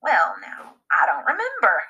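A woman voicing a relaxed, casual townsman who drawls good-naturedly. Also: medium pitch, measured pace, slightly rough, exaggerated voice, poor audio. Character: easygoing unhurried male townsman.

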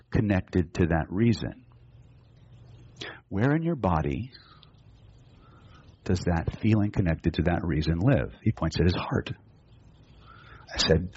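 A man's voice: low-pitched, a little mellow, breathy edge, dull audio. A man teaching a live seminar, telling a story and acting out both sides of the dialogue, to a room of students. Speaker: hypnosis and NLP trainer.

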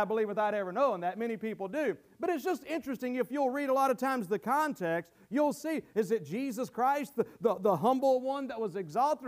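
A man preaching a sermon to his congregation, earnest and teaching verse by verse, often repeating words as he goes. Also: very high voice.

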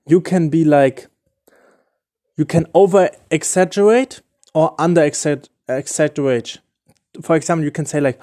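Man talking dating advice, mellow voice. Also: on the high side, moderate pace. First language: not English. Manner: loose, explanatory, full of "like" and "okay?"; searches for words, restarts. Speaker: podcast host giving dating advice. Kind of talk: casual solo podcast talk.

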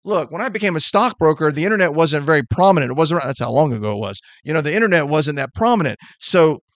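A middle-aged man hosting a sales podcast, giving an energetic motivational talk in a fast, emphatic and blunt way. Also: on the high side, dry recording.

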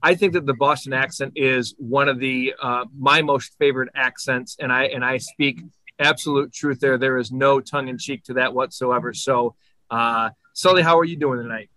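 Bright, upbeat podcast co-host man. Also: medium pitch, steady tone, moderate pace, no room sound, low-quality recording. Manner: rambling, self-correcting, friendly. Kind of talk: casual podcast chat. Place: Michigan.

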